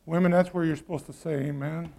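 A man's voice: a little high, fairly even intonation, a little fast, gravelly, darkish tone. A man preaching a sermon in a conversational way, often putting questions to the congregation. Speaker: pastor.

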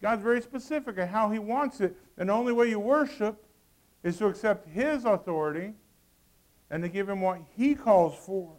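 A male pastor preaching a sermon, reading scripture in old-fashioned wording and calling out to the congregation, swinging from loud to hushed. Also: high-pitched, animated, moderate pace.

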